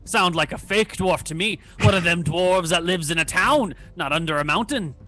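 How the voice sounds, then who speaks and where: A blunt, swearing dwarf gatekeeper, as a man puts him on for a tabletop game. He is distrustful, with a slightly raised pitch and a bright, forceful tone. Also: moderate pace, soft background music. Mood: suspicious. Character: gruff suspicious male dwarf gate guard. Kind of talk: tabletop role-play.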